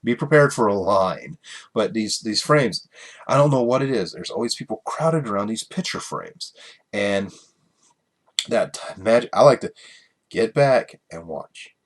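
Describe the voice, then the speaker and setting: A man's voice: lowish voice, lively intonation, measured pace. A man hosting a casual solo podcast, rambling and chuckling through his stories with many fillers. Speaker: podcast host.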